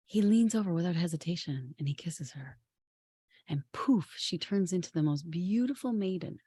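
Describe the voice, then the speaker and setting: A woman podcast co-host retelling a legend in a lively, chatty way. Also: on the low side, moderate pace, slightly rough, no echo, studio quality. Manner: lively, chatty, many "you know"s. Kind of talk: casual storytelling.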